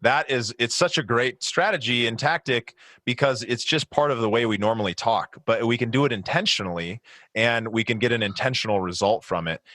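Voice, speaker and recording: A man's voice: mid-range voice, fairly quick, bright, forceful tone, no room sound. A man hosting a podcast interview, asking questions in an eager, encouraging way. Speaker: podcast host.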